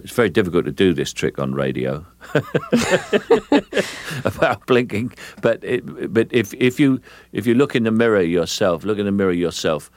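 Man with a deep voice, dry close sound, measured talk, keeps restarting sentences. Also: no echo. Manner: measured, explanatory, with frequent restarts. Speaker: actor guest. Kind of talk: interview answers.

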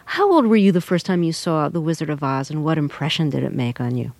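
A woman hosts a broadcast interview, putting her questions in a halting way with small stumbles and ums. Her voice is somewhat low, and the sound is dry and close. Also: animated, darkish tone, dry recording. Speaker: interview host.

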